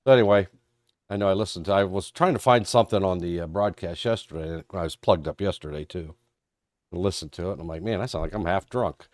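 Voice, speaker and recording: Folksy stream moderator, stuffed up from a cold, low-pitched, recorded dry and close. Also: male voice, fast talker, no echo. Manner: folksy, rambling, self-deprecating. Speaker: trading show moderator. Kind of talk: live-stream market talk.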